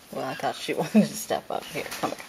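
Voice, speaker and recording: A woman breeding parrots, talking to baby birds in a coaxing, sing-song tone with high calls. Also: noisy background. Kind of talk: coaxing talk to pet birds.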